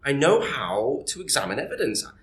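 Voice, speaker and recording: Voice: medium pitch, sing-song, brisk, lightly acted. A performer playing a skeptical library colleague who reasons things out and stammers, recorded in an echoey room.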